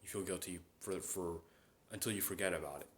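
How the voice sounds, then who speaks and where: A man's voice: low-pitched, brisk, fairly bright tone. A young man hosting a casual solo chat. He rambles, with many fillers and restarts. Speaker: podcast host. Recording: roomy echo.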